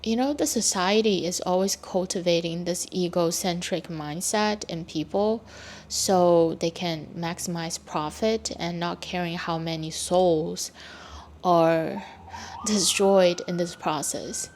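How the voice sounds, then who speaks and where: A woman creator speaking in a thoughtful, reflective monologue, pausing and restarting as she works through her ideas. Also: on the low side, darkish tone, slight background noise. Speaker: video creator.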